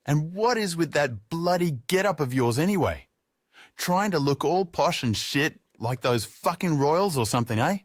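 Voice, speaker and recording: Man playing a drunk tradesman, slurred, crude, belligerent, lively pitch. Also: moderate pace, no room sound, clean studio sound. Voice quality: slurring, coarse.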